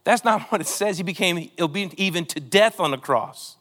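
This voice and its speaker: A man preaching a sermon in a church, animated and acting out quoted lines in different voices. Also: sits high, a little fast. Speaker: pastor.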